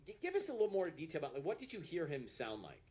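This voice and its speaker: A man's voice: on the high side, wildly swooping pitch, very fast, darkish tone. A man hosting a radio call-in show, upbeat and bantering.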